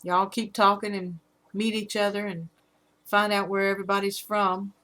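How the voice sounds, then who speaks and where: A middle-aged woman with a Southern accent, hosting a casual live stream about her fish, halting often with fillers. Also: medium pitch, level tone, pushed and bright. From Alabama. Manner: rambling, halting with fillers, reads out chat comments.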